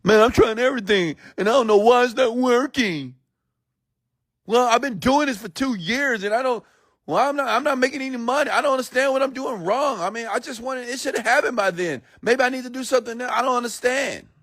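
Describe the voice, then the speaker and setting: Self-pitying grown-up whiner, high strained voice, as a man puts him on. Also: fairly quick, a bit bright, dry recording, studio quality, full character voice. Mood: whining. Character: whiny grown adult complaining like a child.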